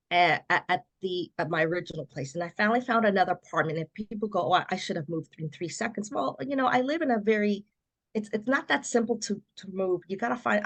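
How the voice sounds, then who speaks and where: Woman telling her story, acting out quotes. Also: medium pitch. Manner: animated storyteller who acts out quoted voices. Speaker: guest. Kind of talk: personal storytelling interview.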